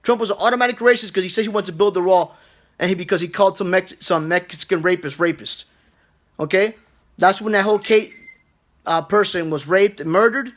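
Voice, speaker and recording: A man's voice: high-pitched, fairly bright tone. Blunt, profane man ranting live. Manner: blunt, profane, rapid-fire talk. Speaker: political livestream host. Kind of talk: profane casual rant to viewers.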